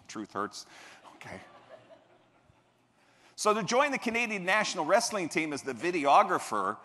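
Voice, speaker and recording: A man delivers a motivational keynote from a convention stage, his bright, higher voice swooping up and down as he tells stories with a joker's asides. A long reverb hangs on it from the big hall. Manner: animated, jokey, playful asides to the audience. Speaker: keynote speaker. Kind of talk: motivational keynote with humorous storytelling.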